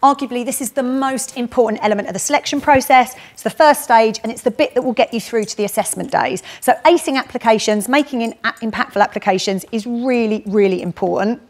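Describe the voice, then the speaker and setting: A middle-aged woman with a South London accent and a fairly high voice. She answers questions in a quick, upbeat, chatty way, like someone at ease talking about her work. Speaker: head of graduate recruitment. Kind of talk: casual walk-and-talk interview.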